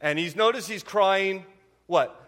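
A man in his forties preaching a humorous sermon to a church congregation, full of quick asides and repeated "okay?". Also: high-pitched, a bit bright. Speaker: pastor. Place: church sanctuary.

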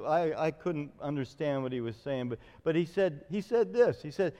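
Pastor preaching in a reverberant hall. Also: male voice, high-pitched, normal speed, hardly any pauses. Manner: storytelling, animated retelling with acted quotes. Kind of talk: sermon.

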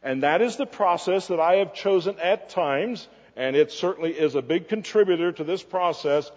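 A pastor preaching a sermon, animated and emphatic at times, dropping to quiet asides at others. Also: male voice, on the high side, normal speed. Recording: dull lo-fi recording in a reverberant hall.

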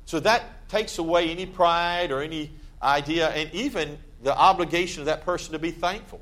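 A man preaching a sermon in a church, conversational and plain-spoken, with sudden loud emphatic bursts. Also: on the high side. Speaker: pastor.

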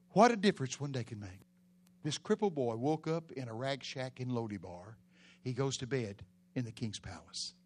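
A man preaching a sermon, telling the story dramatically with sudden shouted peaks. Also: mid-range voice.

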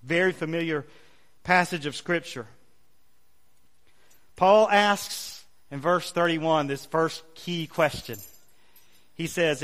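A male pastor preaching a sermon, leading the congregation in call-and-response with emphatic, drawn-out phrases. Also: on the high side, fairly bright tone. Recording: long hall reverb.

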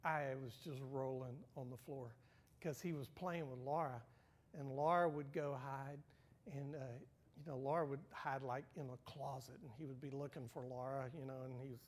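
An older male pastor preaching with personal, homey stories, his voice in an ordinary middle register. He acts out the people in his anecdotes and swings from near-whispers to loud, excited bursts. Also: medium pitch, moderate pace. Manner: animated, acts out dialogue, swings from hushed to loud. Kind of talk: personal storytelling sermon.

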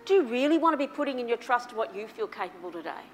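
A woman preaching a sermon to her church, telling a personal story with big swings between soft, quiet passages and loud, excited ones. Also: on the high side, fast talker, a little hiss or hum. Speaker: pastor.

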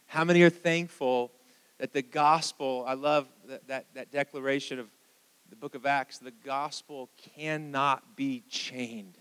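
A man with an American accent, a pastor preaching a sermon in church and leading prayer, moving between hushed prayer and fervent calls to the congregation. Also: mid-range voice, steady tone, a little slow, smooth, in a large hall, poor audio. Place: church sanctuary.

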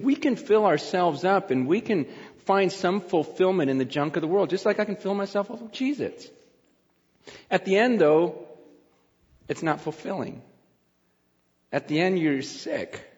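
A middle-aged man preaching a casual sermon over a meal, chatty and laughing, at times talking with his mouth full. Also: on the high side. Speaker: pastor. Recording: dull sound with long hall reverb.

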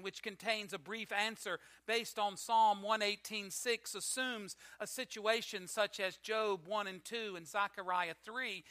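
A man preaching a sermon, reading scripture and telling an illustration in a measured, declamatory way. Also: high-pitched, bright, forceful tone.

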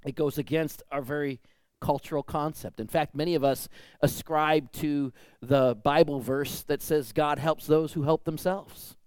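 A man's voice: fairly high pitch, steady tone, a little slow, a little mellow, clear, resonant tone, no echo. A man preaching a sermon in a conversational way, acting out voices when he tells a story. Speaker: pastor.

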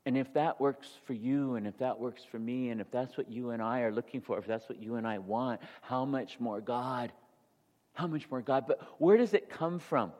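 A man preaching a sermon in a church, his voice carried by a long hall reverb. He sits at an average pitch and swings from soft, intimate passages to loud, climbing exhortation. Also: moderate pace. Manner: shifts from soft, near-whispered confession to loud, rising preaching. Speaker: pastor. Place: church sanctuary.

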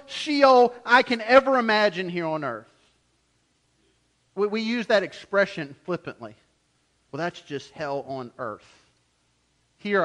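A man preaching a sermon as pastor, animated, acting out the voices he quotes. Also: high voice.

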